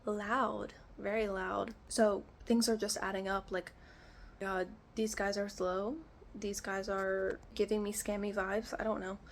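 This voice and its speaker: A woman's voice: mid-range voice, flat delivery, measured pace, slight background noise. A young woman ranting in a casual storytime vlog, exasperated, swearing often and saying "like" a lot, in an echoey indoor room. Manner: exasperated, swearing, lots of filler "like". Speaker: vlogger.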